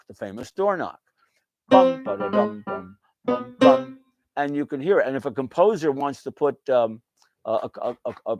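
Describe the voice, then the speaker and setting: A man's voice: mid-range voice, darkish tone, no room sound. Dry-voiced man teaching piano rhythm. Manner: sings rhythms aloud with bum and da syllables; folksy, calls notes guys. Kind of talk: casual music lesson.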